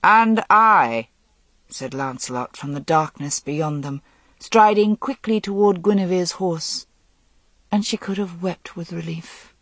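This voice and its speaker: A narrator reading a medieval novel aloud in a steady storytelling manner. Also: mid-range voice, a little slow, no room sound. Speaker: audiobook narrator. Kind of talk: scripted narration.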